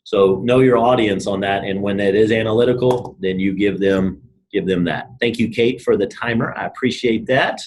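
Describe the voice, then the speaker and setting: A man, giving an energetic, casual motivational talk to his team and telling stories. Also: lowish voice, moderate pace, poor audio. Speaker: network marketing team leader.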